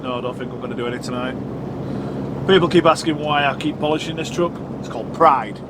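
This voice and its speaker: A man's voice: a little high, fast. A middle-aged man from England, chatting casually and self-mockingly while driving his truck. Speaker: trucker vlogger. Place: truck cab on the road. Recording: noisy truck cab.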